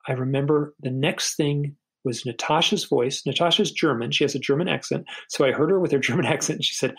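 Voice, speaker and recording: Gravelly, husky middle-aged man recounting a story. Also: fairly high pitch, low-quality recording. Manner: earnest, halting, repeats words when starting sentences. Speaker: podcast guest. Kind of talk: personal storytelling.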